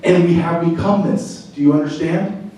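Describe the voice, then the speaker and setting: A middle-aged man, a retired border agent, giving a fervent speech to a club, swinging from loud to quiet. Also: fairly high pitch, steady tone, moderate pace, a little hiss or hum. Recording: very echoey room, speaker far from mic.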